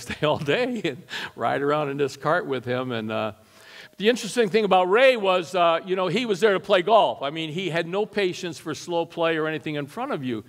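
Folksy man preaching in a reverberant church. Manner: folksy and animated, rising loud and high for punch lines. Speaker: guest preacher. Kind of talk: storytelling sermon. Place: church sanctuary.

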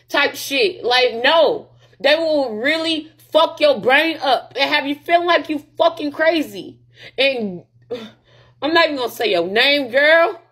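A woman's voice: high-pitched, a bit bright. A young woman on a livestream, venting in a heated, profane rant and sounding upset, close to tears.

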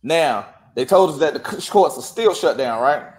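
A man's voice: a little high, moderate pace. A man telling a courthouse story in casual chat, acting out the dialogue. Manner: animated, acts out quoted dialogue. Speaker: guest.

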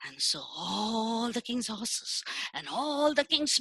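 Animated woman telling a children's story. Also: a little high, slightly rough, no room sound, low-quality recording. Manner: animated, dramatic, drawn-out phrasing.

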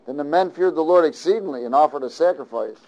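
A male pastor preaching with a lively, chatty delivery. He often turns questions on his listeners, and his voice sits somewhat high for a man. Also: quick pace, lo-fi sound. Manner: lively, conversational, asks the audience questions. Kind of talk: sermon.

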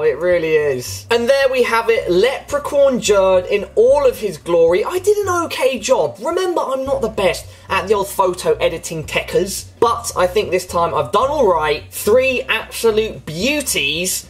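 A man's voice: high voice, rough recording. A man giving playful, teasing commentary while editing photos for a comedy video. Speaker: YouTuber. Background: background music.

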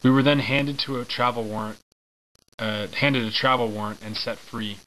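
A man casually reading aloud from a wartime memoir, halting and correcting himself, with chatty asides. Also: mid-range voice, fairly even intonation, a bit bright, a little hiss or hum, low-quality recording. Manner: informal, halting, with fillers and self-corrections. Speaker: reader of a memoir.

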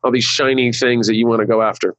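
A man's voice: mid-range voice, steady tone, quick pace, dry recording, low-quality recording. A man speaking as a guest on a marketing webcast, rambling, with many restarts and fillers. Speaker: guest, digital marketing consultant. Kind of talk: casual webcast interview.

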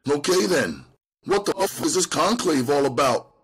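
A man voicing a young gang member, loud and confused. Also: on the high side, sing-song, normal speed, slightly rough, voice pushed up, full character voice.

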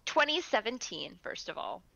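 Animated woman chatting over a game stream. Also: a little high, normal speed, creaky, muffled recording. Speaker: guest co-player. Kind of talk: casual stream chat, reading game lines aloud. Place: at home.

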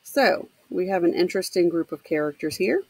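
A woman teacher reading a novel aloud for her students, pausing to explain with casual asides. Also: lowish voice, lively intonation, darkish tone, dry recording. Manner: pauses to explain to students, with fillers. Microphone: home computer mic.

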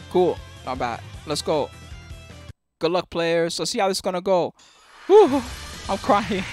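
A man hosting a live fighting-game tournament stream, commentating the matches with slangy banter toward chat and frequent laughter. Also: sits high. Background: game music.

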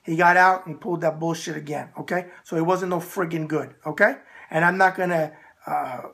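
A man hosting his show, reading viewer letters aloud and answering in a blunt, animated, casual way, repeating catchphrases. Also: on the high side, a little fast, vocal fry. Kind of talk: casual emphatic talk.

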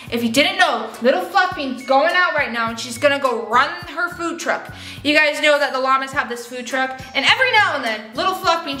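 Bright, bubbly woman in an echoey room. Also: high-pitched. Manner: bubbly, chatty, gasps and gushes. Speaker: vlogger. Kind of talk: playful chat to viewers about toy llamas. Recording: echoey room, mic at a distance. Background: faint music.

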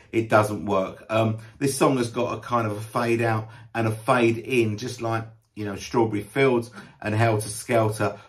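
A man giving a casual, rambling spoken album review, blunt in his opinions and full of hesitations and restarts. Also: lowish voice. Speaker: music reviewer.

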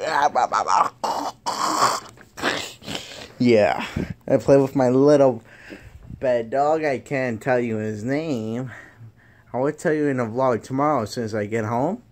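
A man's voice: mid-range voice, expressive, slow, long pauses, a little mellow. A man vlogging casually from home, laid-back and often laughing. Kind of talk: casual vlog chat.

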